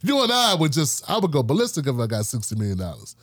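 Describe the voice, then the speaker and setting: Animated storytelling podcast host, man. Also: fairly high pitch, fast, breathy edge, dry recording, clean studio sound. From Washington, D.C. area. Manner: animated, acts out quoted coworkers. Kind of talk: casual storytelling chat.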